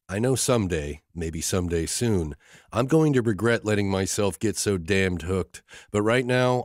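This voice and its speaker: Deep-voiced male romance narrator. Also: darkish tone, no room sound, clean studio sound. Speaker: audiobook narrator. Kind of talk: scripted first-person romance narration. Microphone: close studio mic.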